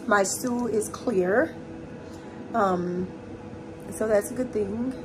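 A woman's voice: fairly high pitch, background noise. A woman vlogging in a candid, heartfelt way from home. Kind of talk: casual vlog chat. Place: indoors at home.

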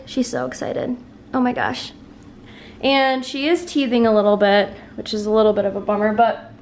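Young woman vlogger, high voice, chatty and cooing, light background hiss. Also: steady tone, moderate pace. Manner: cooing baby talk to a puppy, chatty asides to viewers. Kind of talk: casual vlog with a new puppy.

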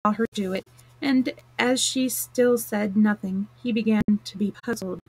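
A woman reading a classic novel aloud on a live stream, plain and steady with small slips and restarts. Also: mid-range voice, a little slow, poor audio. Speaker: storyteller. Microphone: close mic, live stream.

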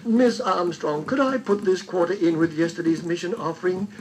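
A man's voice: sits high, animated, moderate pace, slight background noise. A man voicing an earnest young boy in a children's story, pleading and breathless. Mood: eager.

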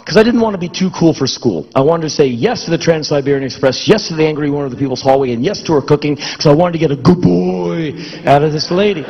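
A middle-aged man telling a comic story on stage, acting out voices with shouts and grunts. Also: on the high side, quick pace, muffled recording, slight background noise. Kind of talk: spoken-word comic storytelling.

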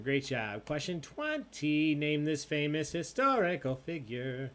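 A man's voice: a little high, lively intonation, a little slow, hardly any pauses. A man hosting an online trivia night, reading questions and joking with the players in a casual, chatty way. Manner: joking, chatty, drinking as he hosts. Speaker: trivia host.

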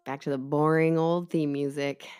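A woman's voice: low voice, level tone, moderate pace, a little mellow, faint music behind. A young woman co-hosting a podcast, teasing her friend in casual chat. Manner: teasing, playful. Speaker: podcast co-host.

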